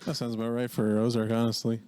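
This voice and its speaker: A man's voice: mid-range voice, completely flat delivery, fast, darkish tone, clean tone. A man co-hosting a casual podcast, playful and often laughing as he tells his story. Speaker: podcast co-host. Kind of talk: casual chat.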